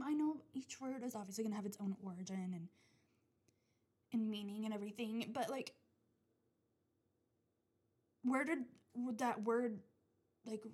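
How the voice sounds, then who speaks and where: A woman's voice: on the high side, a little mellow. A young adult woman hosting her own podcast, rambling casually with lots of restarts, fillers and swearing. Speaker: podcast host. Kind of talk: casual solo podcast rant.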